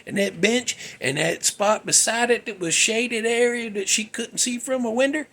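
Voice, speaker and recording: A man voicing an excited ten-year-old girl, raising his gravelly, raspy voice to plead eagerly. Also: very high-pitched, normal speed, voice pushed up, full character voice.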